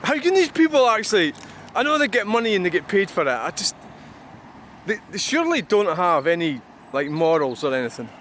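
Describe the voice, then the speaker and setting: A man's voice: sits high, big pitch swings, brisk, fairly bright tone. A man rambling and grumbling as he vlogs beside a busy roundabout, swearing freely. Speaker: truck-spotting vlogger. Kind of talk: casual rambling monologue. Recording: outdoor traffic noise. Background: passing cars and trucks.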